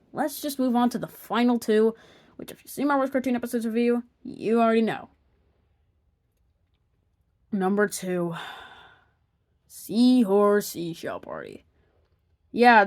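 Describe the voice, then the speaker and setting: A woman narrating an opinion review of cartoon episodes, sarcastic and exasperated, sometimes dropping to a mutter. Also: mid-range voice.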